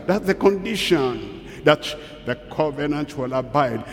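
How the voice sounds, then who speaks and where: A man preaching a sermon, reading scripture slowly with deliberate pauses. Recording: hall reverb, faint rumble.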